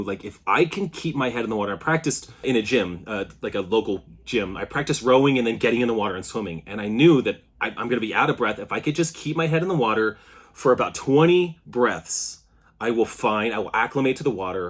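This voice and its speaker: A man in his thirties telling a story to camera in a casual, animated way, often restarting his sentences. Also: mid-range voice, breathy edge. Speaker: CrossFit athlete vlogger.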